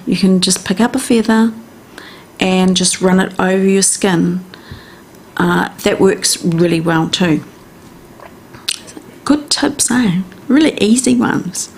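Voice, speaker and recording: A middle-aged woman with a New Zealand accent, hosting a radio health and wellness talk and gently coaching listeners step by step in a chatty way. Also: mid-range voice, creaky, a little hiss or hum. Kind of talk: casual instructional radio talk.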